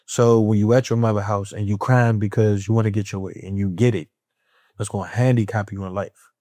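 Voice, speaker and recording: A man's voice: fairly low pitch, brisk, dry recording. A man talking as a podcast guest in a candid conversation, with streetwise speech, often checking in with "you know what I'm saying". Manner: animated and laughing when talking about friends.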